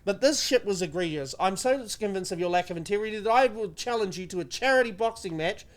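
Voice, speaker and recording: A man's voice: sits high, lively intonation, fast talker. A man co-hosting a podcast, ranting sarcastically and swearing freely in casual banter. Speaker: podcast co-host.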